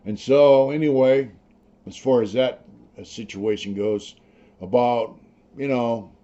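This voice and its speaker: A middle-aged former prisoner recounts his story slowly, his mid-range voice steady and mellow. His talk is blunt and streetwise, packed with slang and swearing, and the lo-fi audio sounds slightly dull.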